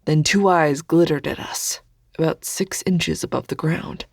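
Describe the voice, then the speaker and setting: An audiobook narrator reading a first-person story in a measured, deliberate way. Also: medium pitch, no room sound, studio quality.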